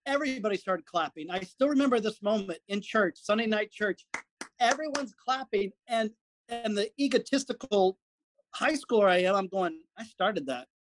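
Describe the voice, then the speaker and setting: A middle-aged man, a guest, telling a lively personal story and acting out what people said. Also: high voice, normal speed, no echo. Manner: animated storyteller acting out quotes. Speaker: guest, comedy performer. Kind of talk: storytelling in casual conversation.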